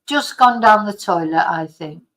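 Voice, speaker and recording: An indignant middle-aged woman talks straight to her channel's viewers, rambling and restarting as she goes. Her pitch sits in an ordinary middle range. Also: animated, measured pace, fairly bright tone, low-quality recording. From Britain. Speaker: channel host. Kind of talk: casual opinion monologue.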